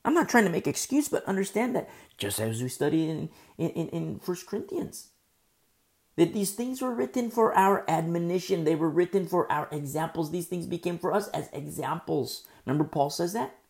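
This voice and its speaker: A male pastor leads a Bible study in a relaxed, conversational way, and his voice carries a gravelly rasp. His throat is sore, so he shifts between forceful emphasis and a soft, slow delivery. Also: a little high. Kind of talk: conversational sermon-style Bible teaching.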